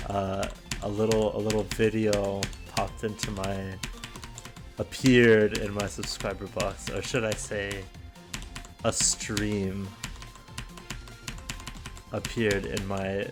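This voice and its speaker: A man's voice: on the low side, little pitch movement, takes it slowly, long pauses, over music. A young man hosting his own show in a casual solo monologue, rambling and self-deprecating with many restarts, a little out of breath. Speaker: host.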